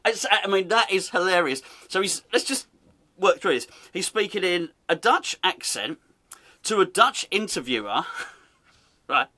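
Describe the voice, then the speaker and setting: Bright-voiced man chatting with amusement. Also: high voice, sing-song, a little slow. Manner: amused, teasing, laughs often, chatty. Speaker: podcast host. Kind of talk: casual comedic commentary.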